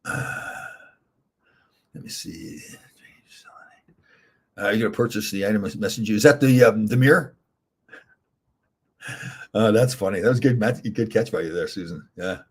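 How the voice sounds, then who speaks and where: This is a Canadian livestream host in middle age, chatting loosely and reading his viewers' comments aloud. He speaks with a lowish, slightly breathy voice at a moderate pace, stopping often.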